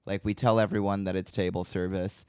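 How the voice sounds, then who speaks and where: A man with a fairly low voice, recorded close and dry, telling a workplace story in casual chat. He jumps up in pitch when he acts out his own lines. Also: little pitch movement, a little fast, darkish tone, clean tone, dry recording. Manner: storytelling, acts out quotes in a raised voice. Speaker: bartender at a comedy club.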